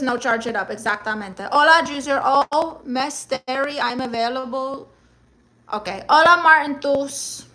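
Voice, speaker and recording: A blunt, toxic diva, played by a woman on a comedy livestream. Her voice sits high and cuts bright, and every remark drips with scorn. She peppers her English with Spanish words. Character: brash toxic woman, blunt, dismissive, self-assured. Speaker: livestream comedy host reading chat and a self-help book. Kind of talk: live-streamed character comedy.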